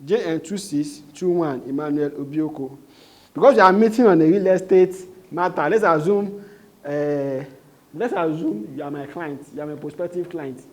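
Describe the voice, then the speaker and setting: A man's voice: a little high, moderate pace, darkish tone. A man with a Nigerian accent giving a live training talk, quizzing the room and repeating his points. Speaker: sales trainer.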